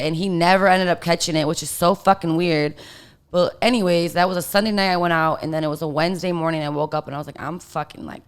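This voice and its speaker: A woman's voice: on the low side, smooth. A woman guest telling a story in casual chat, rambling with lots of fillers and swearing.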